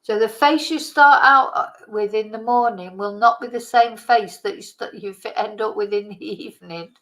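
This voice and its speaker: A woman's voice: mid-range voice, moderate pace, a bit bright, poor audio. Chatty woman rambling casually. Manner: chatty, rambling, exclaiming in disgust. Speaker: channel host. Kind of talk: casual chat reacting to old videos.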